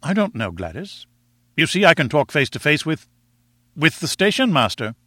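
A man's voice: fairly high pitch, big pitch swings, moderate pace, bright, forceful tone, husky, no room sound, clean studio sound, pitched above the performer's own voice, heavily acted. A man reading aloud voices an earnest, lovestruck young man who pleads eagerly with the woman he loves.

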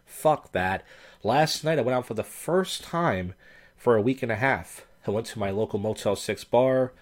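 A man's voice: medium pitch, moderate pace. A man hosting a casual commentary show on viral clips, talking in a blunt, profane, sardonic way. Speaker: host.

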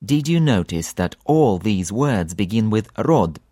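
A man teaching a language lesson for an audiobook, repeating example words slowly with long drawn-out vowels. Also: lowish voice, sing-song, dark tone, no room sound, studio quality.

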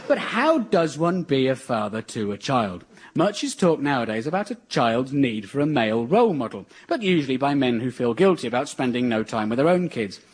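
A man's voice: a little high, husky. A man hosting a satirical radio comedy show, lecturing in a dry, mock-earnest manner.

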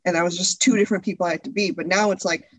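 A woman's voice: fairly low pitch, steady tone, very fast, dry recording, rough recording. A woman being interviewed as a video creator, chatting candidly with frequent laughs and lots of restarts.

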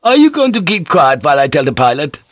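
A man voicing a rough, quarrelsome old sailor in an audiobook, talking coarsely. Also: fairly high pitch, big pitch swings, fast talker, dry recording, lo-fi sound, pitched above the performer's own voice. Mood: grumbling. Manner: coarse, grumbling.

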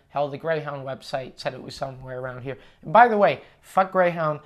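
A man's voice: a little high, moderate pace. Profane ranting young man telling a story. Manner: profane, ranting, self-mocking. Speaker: podcast host. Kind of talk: casual storytelling monologue.

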